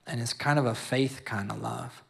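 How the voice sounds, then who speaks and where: At a youth service, a young father gives a personal, emotional testimony, often stopping, repeating words and slipping into preaching. His mid-range voice is gravelly with a breathy edge, fairly even in intonation, at normal speed.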